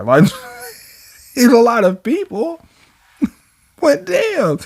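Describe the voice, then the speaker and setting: A man hosting a manga reaction, talking casually with frequent laughter and profane slang. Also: high voice.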